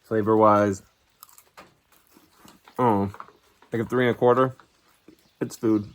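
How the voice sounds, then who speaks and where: A man's voice: fairly low pitch, steady tone, a little slow. A man chatting casually to the camera on a long hike, tired and wry, outdoors on a forest trail. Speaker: hiking vlogger.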